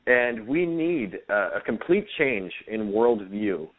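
A man's voice: on the low side, very animated, slow. A man speaking as a guest on a radio talk show, earnest and hesitant, with frequent fillers. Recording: tinny phone-line sound.

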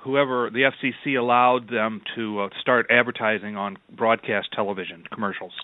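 A man's voice: lowish voice, fairly even intonation, fairly quick, no echo. Indignant male radio host, tinny sound. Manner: indignant, emphatic. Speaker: radio talk show host. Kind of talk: radio interview. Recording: tinny phone-like audio.

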